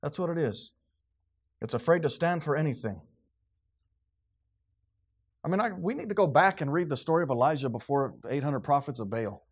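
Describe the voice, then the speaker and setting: A fairly high-voiced man preaching to a congregation. He is animated and theatrical, acting out scenes, dropping to quiet low passages and then climbing to shouts. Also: normal speed, pauses often, slightly rough. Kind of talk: sermon.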